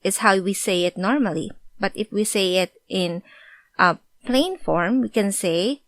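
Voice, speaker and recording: A woman teacher explaining grammar clearly and patiently, working through example sentences. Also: mid-range voice, animated, a little slow, a bit bright, no room sound. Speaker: language teacher.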